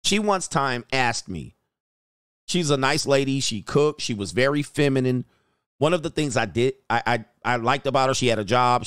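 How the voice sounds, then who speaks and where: A man hosting a dating commentary show, telling a story bluntly and jumping up in pitch when he quotes himself. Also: fairly bright tone, clear, resonant tone, dry recording, clean studio sound. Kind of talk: casual commentary reacting to clips.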